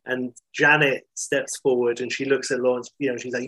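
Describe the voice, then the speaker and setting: A man with a husky, slightly breathy voice retells a story in a loose, animated ramble. He leans on fillers and restarts, and his pitch stays in a middle range. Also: moderate pace, rough recording.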